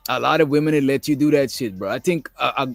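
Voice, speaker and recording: A man's voice: mid-range voice, fast, creaky, dry recording, faint music behind. A man hosting a casual talk show, speaking emphatically and peppering his points with "bro". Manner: emphatic, keeps adding "bro". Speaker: host. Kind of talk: casual chat. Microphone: streaming call mic.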